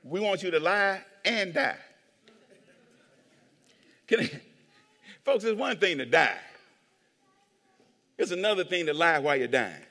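A man preaching a sermon as pastor, animated, acting out voices and swinging between hushed asides and shouts. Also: high voice, unhurried, pauses often. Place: church hall with long reverb. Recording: reverberant hall.

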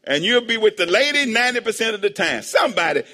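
A man preaching as pastor, drawing amens and answers from the congregation in call-and-response, breaking into sudden shouts. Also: sits high, very animated, fast talker. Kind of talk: sermon. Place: church sanctuary. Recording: long hall reverb.

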